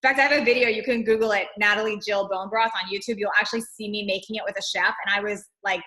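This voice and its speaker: A woman's voice: medium pitch, steady tone, fast, pushed and bright, poor audio. A woman fitness coach chatting casually on a live stream, reading out viewer comments and answering them in a loose, talky way.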